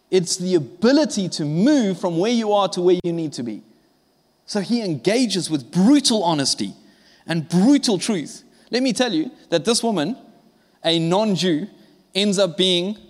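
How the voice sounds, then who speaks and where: High-voiced preaching man in a hall. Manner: emphatic, conversational preaching with acted-out dialogue. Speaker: pastor. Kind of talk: sermon.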